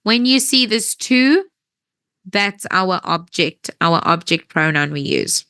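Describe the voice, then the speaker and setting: Slow, bright-voiced woman teaching grammar. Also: fairly low pitch, expressive, no room sound. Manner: slow, patient, checks understanding often. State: voice tiring, clears throat. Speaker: English teacher. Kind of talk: classroom grammar lesson. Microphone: wears headphones.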